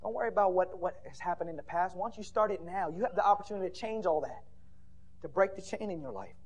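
Fiery high-voiced male preacher. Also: fast talker, husky. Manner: shouting peaks and rhetorical questions. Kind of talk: fiery sermon. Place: church conference hall.

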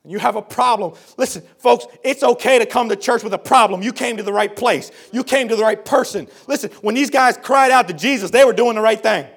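Man, high voice, sermon, hushed to shouting, repeats phrases. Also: brisk, creaky, few pauses. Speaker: preacher.

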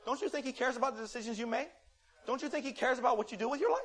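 A man with a very high voice preaches, moving from booming reproach to quiet, heartfelt testimony and performing brief conversations in fast voices.

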